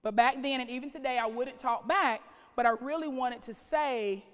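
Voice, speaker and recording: Keynote speaker: woman, late 30s, fairly high voice, dramatic rhetorical delivery, reverberant hall. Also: normal speed, few pauses. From North Carolina. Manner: dramatic, strings of rhetorical questions, shifting pace. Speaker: keynote speaker, school principal. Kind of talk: keynote speech. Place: large conference hall.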